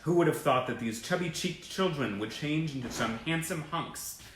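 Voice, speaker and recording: A man hosts a fan livestream by webcam or phone from an indoor room lit by sunlight through a window, chatting with enthusiasm, rambling over old press clippings and greeting viewers by name. His slightly high voice is expressive at a moderate pace. The low-quality recording is reverberant with slight background noise.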